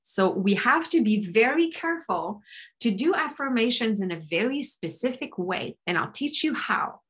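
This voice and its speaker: A woman coach with a fairly high voice teaching a technique on a podcast. She explains with energy and drifts into little acted-out inner voices. She is heard over a video call. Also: expressive, normal speed, fairly bright tone.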